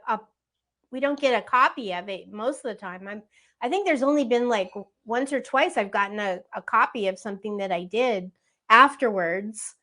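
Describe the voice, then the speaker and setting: A woman's voice: on the high side, bright, forceful tone. A woman in her sixties with a youthful-sounding voice, chatting as a guest in an interview and laughing often. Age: 60s. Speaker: voice actress guest. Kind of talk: casual interview chat.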